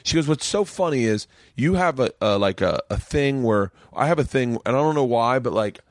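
A man's voice: medium pitch, lively intonation, moderate pace, dry recording, clean studio sound. A male comedian hosting a podcast, telling chatty anecdotes and acting out the dialogue. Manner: chatty storyteller, acts out dialogue in his anecdotes. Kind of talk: casual podcast chat. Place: small home studio room.

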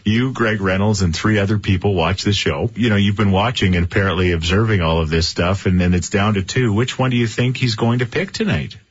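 A man's voice: on the low side, fairly quick, few pauses, husky, no echo. A man hosting a morning radio show, chatty and joking, laughing often. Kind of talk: casual morning radio banter. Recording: dull lo-fi radio broadcast.

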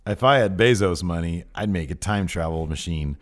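A man's voice: low-pitched, moderate pace. A man hosting a podcast, chatting casually and joking with lots of laughter. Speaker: podcast host. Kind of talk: casual chat.

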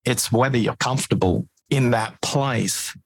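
Man, gravelly, close dry sound, interview guest, methodical explaining. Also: medium pitch, a little slow, no echo, rough recording. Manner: explanatory, lays out ideas in lists. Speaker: podcast guest and author on listening. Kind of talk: interview conversation. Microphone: video call.

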